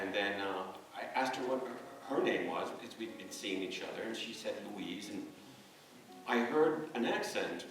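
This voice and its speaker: A man giving a rambling, hesitant memorial speech as a neighbor, telling stories with many pauses and fillers. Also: on the low side. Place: church memorial service. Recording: echoey hall, distant mic, soft music.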